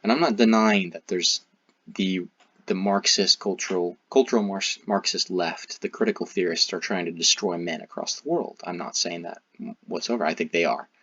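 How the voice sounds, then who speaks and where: A man giving critical commentary in a halting, hesitant way, with frequent restarts. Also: low voice, steady tone, a bit bright, breathy edge, no room sound. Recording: dull, muffled recording.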